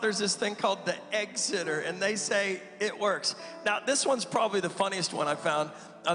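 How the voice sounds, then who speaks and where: High, bright-voiced joking pastor. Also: male voice. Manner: joking, animated preacher with laughs and audience asides. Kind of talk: sermon. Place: church sanctuary. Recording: long hall reverb with faint music.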